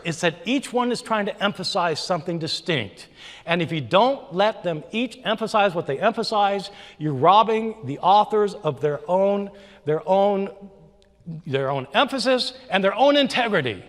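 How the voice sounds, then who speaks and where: A man's voice: high voice, a bit bright. Male debater, emphatic and lecturing, reverberant hall. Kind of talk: formal debate speech.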